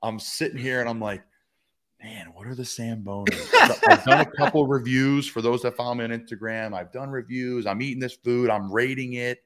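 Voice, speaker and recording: A man's voice: mid-range voice, animated, moderate pace, a bit bright. A man with a Philadelphia accent hosting a podcast in a chummy, casual way, often addressing listeners as "guys.". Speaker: podcast host.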